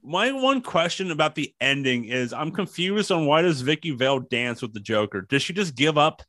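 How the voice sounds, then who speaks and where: A man's voice: fairly high pitch, animated, moderate pace, bright, forceful tone, no echo. A man chatting casually about a movie, rambling with restarts and acting out quotes.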